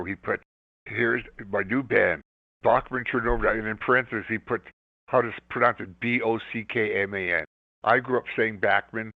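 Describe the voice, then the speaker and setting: Gravelly older man from Canada on a phone line. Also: fairly low pitch, no room sound. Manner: rambling, enthusiastic anecdotes. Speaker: interview guest, rock musician. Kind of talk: casual storytelling interview.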